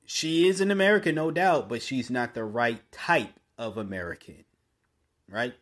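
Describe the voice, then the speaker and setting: A man delivers a solo podcast monologue in a blunt, opinionated way, his voice sitting at an ordinary middle pitch. He talks in a loose, conversational flow, restarting phrases as he goes, then pushes into loud, emphatic bursts to drive a point home. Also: moderate pace. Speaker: podcast host.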